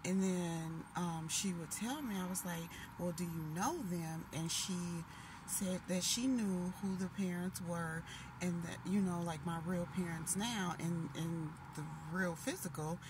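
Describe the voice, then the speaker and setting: Lowish-voiced woman telling a dream story. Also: measured pace. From Minnesota. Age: 30s. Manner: animated, emotional retelling with restarts. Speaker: vlogger. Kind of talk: casual storytelling. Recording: noisy background hiss.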